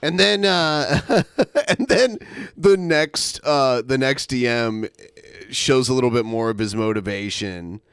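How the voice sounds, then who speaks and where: A man co-hosting a podcast, reading out messages and adding quick explanatory asides. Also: mid-range voice, fairly bright tone, clear, resonant tone, dry recording, studio quality. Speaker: podcast co-host. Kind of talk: casual chat.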